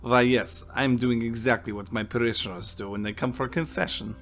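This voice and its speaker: A man voicing a calm priest with a French accent, speaking warmly and slowly in a soft, deep voice. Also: faint music behind, lightly acted. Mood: musing. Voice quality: warm and deep, soft-spoken. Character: priest, calm middle-aged man, gentle talker.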